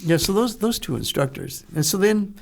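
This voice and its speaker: With a high, gravelly and expressive voice at moderate pace, an older former Navy SEAL guest rambles through stories during a casual interview. He laughs frequently and performs the voices of people he quotes.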